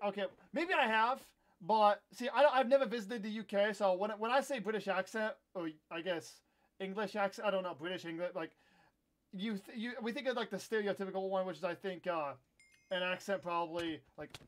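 A young American man with a notably high voice, streaming a game live. He rambles and corrects himself as he chats, breaking into excitable outbursts now and then. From United States. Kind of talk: casual live-stream chat while gaming.

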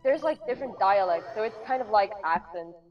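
A woman's voice: mid-range voice, lively intonation, a little fast, distant mic, dull audio, soft background music. A young woman from Luxembourg, speaking English with a French accent and chatting casually with lots of "like" fillers. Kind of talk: casual chat on a livestream.

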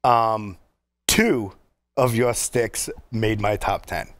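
A man's voice: on the low side, slow, fairly bright tone, no room sound. A man hosting a casual podcast, joking around, laughing easily and asking loose, rambling questions. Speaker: podcast host.

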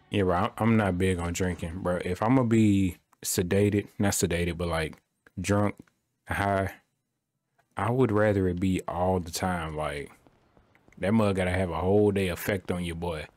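A man's voice: sits low, fairly even intonation, a little slow, darkish tone, no room sound. A young man giving loose, slangy running commentary while playing a video game. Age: young adult. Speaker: gaming streamer. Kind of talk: casual gameplay commentary.

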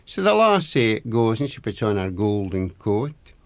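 A man's voice: fairly low pitch, big pitch swings, unhurried, no echo. A man with an Aberdeen Scottish accent telling a traditional folk tale, lilting and repeating words for emphasis. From Scotland. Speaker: storyteller.

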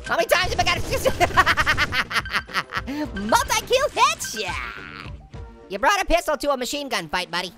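A man's voice: extremely high pitch, huge pitch swings, unhurried, music in the background, full character voice. A man voicing a wisecracking, goofy talking orange that makes puns and cackles while playing a game. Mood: playful. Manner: cackling, pun-making, jokey. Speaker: let's play host. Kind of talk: let's play commentary.

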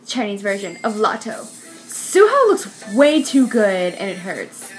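A young woman hosting a reaction video, excitable, shrieking and laughing as she comments. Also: medium pitch, slow pace, faint music behind.

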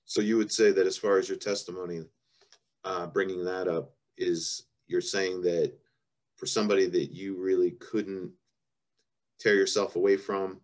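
A man's voice: sits low, level tone, moderate pace, darkish tone. A man hosting a TV interview who mostly listens with short affirmations and then sums up the guest's story. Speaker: TV show host and interviewer.

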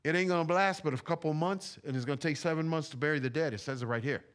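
A man preaching in a casual, animated style, leaning on slang and repeating phrases for emphasis. His voice sits a bit high for a man. The sermon is delivered in a church sanctuary. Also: very fast, smooth. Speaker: pastor.

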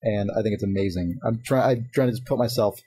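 A man's voice: fairly low pitch, slightly rough, low-quality recording. A man hosting a casual podcast, reading listener emails aloud and chatting, laughing often. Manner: fast-talking, animated, laughs often. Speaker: podcast host.

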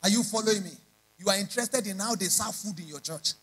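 A man's voice: sits high, quick pace, fairly bright tone, slightly rough, rough recording. A man preaching a sermon, emphatic and repeating lines in rising prayer chants. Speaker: pastor.

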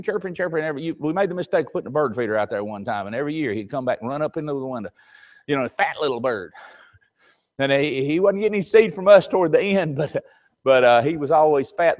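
An older man gives a folksy Sunday class sermon. His voice sits fairly high and swings widely as he acts out little voices in his anecdotes. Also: darkish tone. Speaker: preacher teaching a Sunday class.

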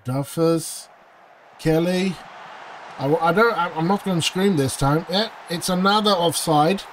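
A man's voice: a little high, a little slow, slight background noise. A man commentating his own football management game, pleading with his team and groaning at misses. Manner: anxious, pleading, groans and outbursts of frustration. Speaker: gaming channel host. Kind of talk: let's play commentary.

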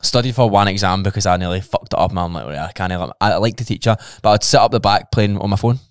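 Scottish man, podcast guest, lowish pitch, smooth clear voice, blunt and sweary, dry close mic. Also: steady tone, quick pace, no room sound. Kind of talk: casual podcast chat.

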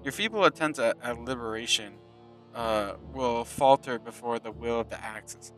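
A man reading out the lines of a boastful, menacing male enemy general from a war game, slow and theatrical, over loud game music. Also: mid-range voice, close to an everyday voice. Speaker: villain general read aloud by a gamer.

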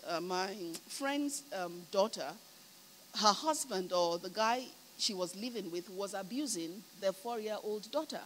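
A Nigerian woman preacher telling a story in a sermon, emphatic and full of "you know," asking her listeners whether they are listening. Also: mid-range voice. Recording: long hall reverb, faint hum.

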